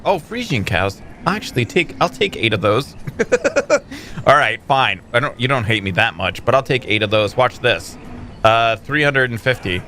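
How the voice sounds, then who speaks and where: Lively, bright-voiced gamer man. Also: medium pitch, normal speed, a little hiss or hum. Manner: animated, exasperated outbursts, many fillers. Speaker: gaming channel host. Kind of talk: casual gameplay commentary.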